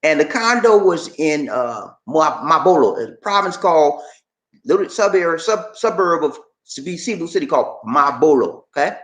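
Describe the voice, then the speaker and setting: A man's voice: a little high, lively intonation, moderate pace, fairly bright tone. Male streamer, blunt and preachy, roomy echo. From Georgia, USA. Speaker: livestream host. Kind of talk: casual livestream chat. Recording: echoey room.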